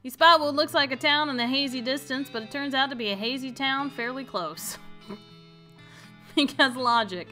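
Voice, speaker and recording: A woman's voice: high-pitched, normal speed, pushed and bright, soft background music. A woman streamer playing a comedy western game, reading the text aloud with playful, amused asides.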